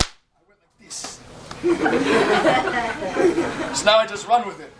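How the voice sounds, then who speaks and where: A man performing a whip-cracking act live, rambling and teasing the crowd with jokes. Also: sits high. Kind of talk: live comedic stage patter. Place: large hall with a live audience. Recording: echoey, distant, crowd noise.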